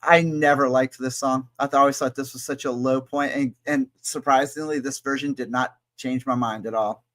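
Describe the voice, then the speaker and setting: A man's voice: mid-range voice, steady tone, moderate pace, hardly any pauses, a bit bright. A man co-hosting a casual album-review chat show, talking in an enthusiastic, rambling and crude way. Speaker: podcast co-host.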